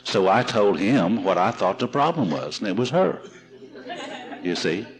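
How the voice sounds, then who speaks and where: A man's voice: fairly low pitch, very animated, a little slow, rough recording. A man telling his recovery story to a seminar audience in a folksy, humorous way. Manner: folksy, humorous, repeats and restarts.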